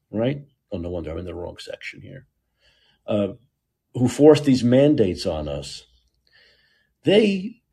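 A man's voice: mid-range voice, warm tone, slightly rough. A man hosting a political talk show, ranting sarcastically and laughing often as he reacts to clips. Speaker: podcast host. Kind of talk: political commentary.

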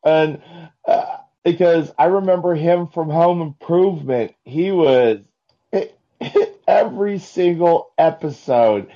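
A man calling in to a live talk show, telling jokes in a halting way with many restarts. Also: fairly high pitch, dark tone. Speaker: caller. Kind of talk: casual call-in chat. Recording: dull lo-fi call-in line.

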